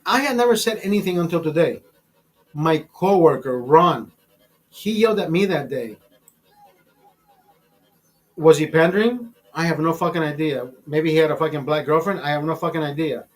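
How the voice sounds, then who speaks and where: A man's voice: on the high side, animated, normal speed, long pauses. A man hosting a show, telling a story in a casual, profane and emphatic way, often repeating himself. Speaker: show host.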